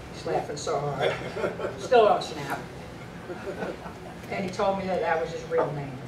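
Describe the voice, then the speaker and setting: A middle-aged woman giving a memorial speech full of anecdotes about a late friend, often laughing as she tells them. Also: mid-range voice. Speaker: speaker honoring a late friend; women's pool tour board member. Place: banquet hall at a dinner. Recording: echoey distant hall recording with background noise.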